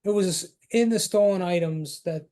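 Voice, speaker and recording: A man with a slightly higher voice runs a tabletop fantasy game. He describes the scene and the players' surroundings with frequent stops and restarts. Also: normal speed, mellow. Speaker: game master.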